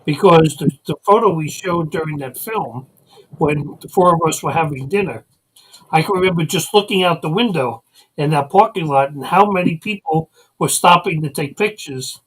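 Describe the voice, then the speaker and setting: A man's voice: a little high, normal speed, breathy edge, poor audio. A man hosting a podcast, reminiscing with his guest in a friendly, casual way. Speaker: podcast host. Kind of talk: casual interview chat.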